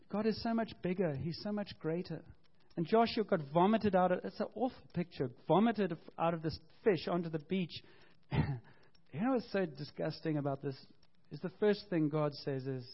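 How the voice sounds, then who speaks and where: A man preaching a sermon as pastor, animated and storytelling, acting out quotes and correcting himself as he goes. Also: high voice, normal speed. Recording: dull lo-fi sound.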